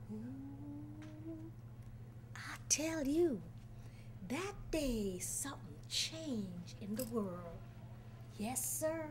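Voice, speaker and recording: A woman's voice: high voice, a little hiss or hum. A woman telling a folk tale aloud to a live audience, dramatic and playful, speaking straight to her listeners. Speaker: storyteller. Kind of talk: live folk storytelling performance. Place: college event before a live audience.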